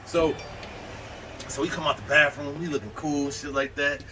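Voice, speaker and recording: A man from Buffalo, New York telling a story casually, in an animated and profane way as he acts out what people said. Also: a little high, normal speed, a loud crowd. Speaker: vlogger telling a prison story.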